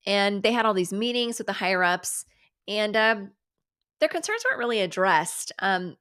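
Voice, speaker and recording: A middle-aged woman hosting a casual livestream, sarcastic and animated, swearing freely and dropping to whispers for asides. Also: mid-range voice. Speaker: livestream host. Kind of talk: casual chat.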